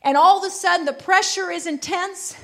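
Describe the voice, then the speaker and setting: A woman preaches a sermon. Her voice is very high and sharply bright. She moves from easy storytelling into loud, emphatic declarations. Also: a little fast.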